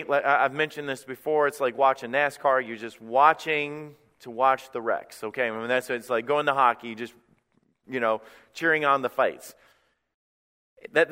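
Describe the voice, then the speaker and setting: A man preaching a sermon as pastor, passionate and building to near shouts, with quick stammered restarts. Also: medium pitch, clear, resonant tone, big-room sound.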